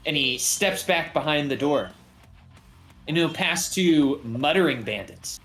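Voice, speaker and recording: A man running a tabletop game as game master, relaxed and jokey. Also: a little high, a little slow, faint music behind. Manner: relaxed, jokey, voices bandits in passing.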